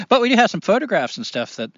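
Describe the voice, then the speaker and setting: A man's voice: high-pitched, very animated, fairly quick, fairly bright tone, no echo. A man hosts a casual podcast in an earnest, rambling way, full of fillers and restarts. The sound is dry and a little dull. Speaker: podcast host.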